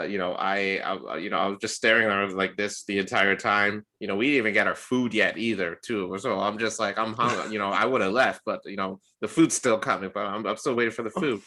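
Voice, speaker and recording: Bright-voiced man telling a dating story. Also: normal speed. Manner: animated storyteller, acts out quotes with rising pitch. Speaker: podcast co-host. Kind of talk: casual storytelling chat.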